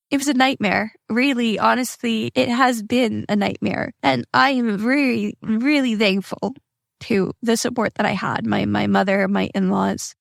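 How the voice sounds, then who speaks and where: A woman's voice: on the high side, creaky, no echo, studio quality. A young woman hosting a podcast, telling a personal story in an earnest, emotional, plain-spoken way. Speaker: podcast host.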